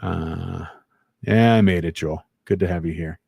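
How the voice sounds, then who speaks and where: A man with a low, mellow voice hosts a casual live stream. He speaks slowly and haltingly, with plenty of ums and restarts, and greets chat viewers by name. The sound is dry and close. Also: gravelly, breathy edge, no echo. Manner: halting, many fillers and restarts. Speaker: livestream host.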